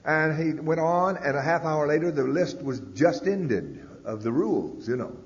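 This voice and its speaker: A man's voice: lively intonation, normal speed. A man giving a personal testimony talk at a convention, telling his story bluntly with frequent "uh" and "you know". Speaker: speaker at a recovery convention. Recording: echoey hall, dull 1990s tape, faint rumble.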